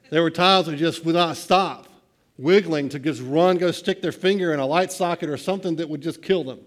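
A middle-aged man preaching a sermon, swinging between hushed, quiet lines and loud, excited bursts. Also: fairly high pitch. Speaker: pastor.

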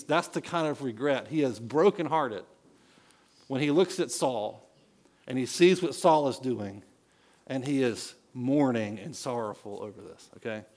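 A man in his thirties, a pastor, delivering a conversational sermon with personal stories and frequent check-ins with the congregation. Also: medium pitch. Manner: conversational storytelling, frequent "okay?" and "right?".

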